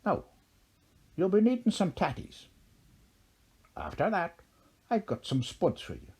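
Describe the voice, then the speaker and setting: A man's voice: high-pitched, wildly swooping pitch, unhurried, a little mellow, breathy edge, voice pushed up, heavily acted. A man voicing a small, mischievous male leprechaun with a broad Irish accent in a storybook reading. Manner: broad lilting brogue, mischievous.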